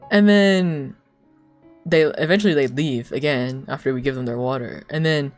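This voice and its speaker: A young adult livestreamer telling a long story to chat in a loose, casual way, full of "like", swearing and laughter, with quoted people acted out in sudden jumps of pitch. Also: lively intonation, normal speed, faint music behind. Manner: rambling, heavy use of "like", swears, laughs between lines.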